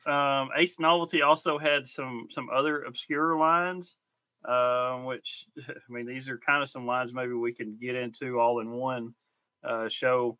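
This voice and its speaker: Man podcast co-host, bright tone, dry close mic, relaxed and hesitant delivery. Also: medium pitch, measured pace, no room sound. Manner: relaxed, hesitant, many ums while explaining. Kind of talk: casual podcast chat.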